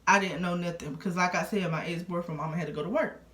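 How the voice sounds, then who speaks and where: A woman's voice: fairly low pitch, fairly even intonation, fast talker, a bit bright. Young woman rambling thru a storytime vlog, lots of likes and ums, roomy echo. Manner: rambling, filler-heavy, conversational. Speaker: vlogger. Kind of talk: casual storytime.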